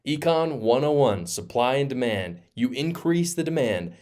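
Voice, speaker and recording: A man's voice: mid-range voice, expressive, normal speed, a little mellow. A man giving emphatic, sarcastic opinion commentary as host of his own show. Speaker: political commentator.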